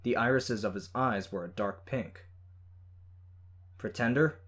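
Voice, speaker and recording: A man reading a first-person story in a steady, measured way. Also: on the low side. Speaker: audiobook narrator. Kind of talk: scripted first-person narration.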